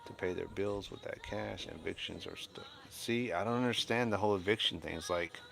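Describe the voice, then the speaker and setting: A middle-aged man at home livestreams, reading his chat and answering it in a blunt, opinionated way. His deep voice is slightly fast, creaky, and a bit bright, and he rambles, often restarting his sentences.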